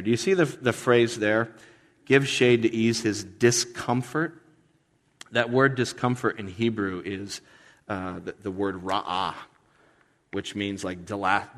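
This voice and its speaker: A man preaching in a church, with a long reverb filling the space around him. His pitch sits in a middle range. He preaches with lively energy, acts out voices and pokes fun at himself. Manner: lively preaching with acted-out voices and self-deprecating humor. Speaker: pastor. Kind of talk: sermon.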